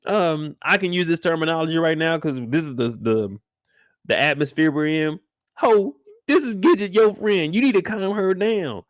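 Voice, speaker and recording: A young man, recapping a TV episode alone in loud, slangy, excitable storytelling with acted-out reactions. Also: on the high side, moderate pace, no room sound, studio quality. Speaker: show recap host. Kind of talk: animated solo recap of a TV episode.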